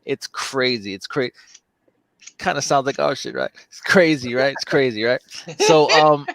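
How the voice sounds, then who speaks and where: A man's voice: medium pitch, a little slow. A man in casual chat, telling a movie plot with lots of filler, cursing and acted-out character voices. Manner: animated storytelling, heavy profanity and filler.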